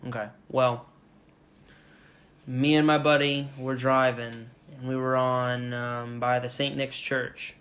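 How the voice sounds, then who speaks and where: A young man co-hosting a podcast, telling a story casually and with lots of swearing, shouting out the lines he quotes. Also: medium pitch, slow pace. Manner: profane, animated retelling with loud shouted quotes. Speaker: podcast co-host.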